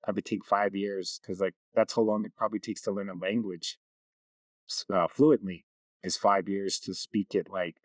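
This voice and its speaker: A man's voice: low voice, steady tone, moderate pace, no room sound. A man, a community knowledge keeper, talking easily in an interview and telling stories. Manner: easygoing storyteller. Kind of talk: casual interview talk.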